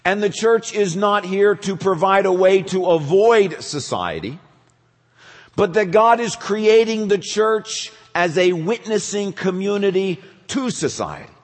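A male pastor preaching a sermon, animated, acting out questions in quick bursts. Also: sits high. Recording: reverberant church hall.

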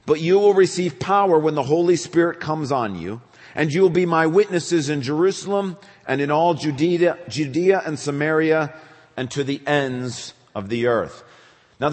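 A male pastor preaching a sermon, animated, acting out questions in quick bursts. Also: a little high. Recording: reverberant church hall.

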